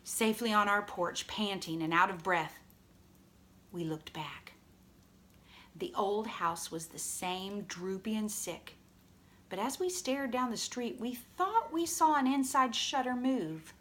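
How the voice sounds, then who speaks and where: A woman reading a novel aloud as narrator, expressive and storytelling. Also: medium pitch, measured pace. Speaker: audiobook reader.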